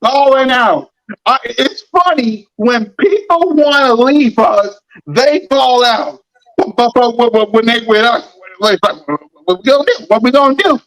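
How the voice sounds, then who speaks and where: A man's voice: extremely high pitch, measured pace, a bit bright, poor audio. A man rants about football on a podcast. He hammers his points again and again, fired up and blunt. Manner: fired-up, repetitive ranting. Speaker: podcast host. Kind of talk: heated sports podcast rant.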